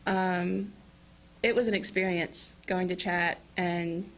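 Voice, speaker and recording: A teenage girl, a high school senior, answering radio questions hesitantly with many ums. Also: steady tone, slow, a bit bright, slight background noise. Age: high school student. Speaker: student guest.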